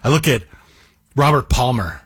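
A man's voice: mid-range voice, animated, moderate pace, husky. A man guest-hosting a talk radio show, talking in a chatty, self-deprecating way with jokey asides into a studio mic. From Greek heritage.

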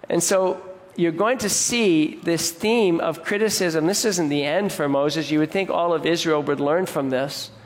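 A male pastor preaches in a relaxed, conversational way, with a voice pitched a little high. His words ring out with a long reverb from the hall around him. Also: a little slow. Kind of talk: sermon.

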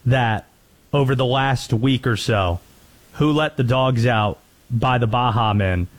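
A man hosting a talk radio show, chatting and joking with callers and co-hosts. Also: mid-range voice. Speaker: radio host. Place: radio studio.

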